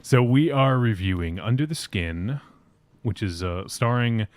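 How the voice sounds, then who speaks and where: A man's voice: medium pitch, animated, measured pace, darkish tone, no echo. A man hosting a podcast in casual, joking chat, laughing often and trailing off with uh. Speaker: podcast host and producer.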